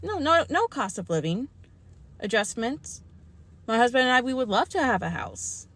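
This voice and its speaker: A woman's voice: fairly high pitch, very animated, normal speed, fairly bright tone. A young adult woman venting heatedly into her phone, swearing often as she complains. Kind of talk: angry vlog rant.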